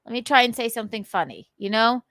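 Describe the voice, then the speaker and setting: Fast and lively, a woman show host with a fairly high, fairly bright voice and a transatlantic accent reacts to online comments in a casual rant. She's goofy, crisply enunciated and given to theatrical outbursts, and the close, dry recording has no echo.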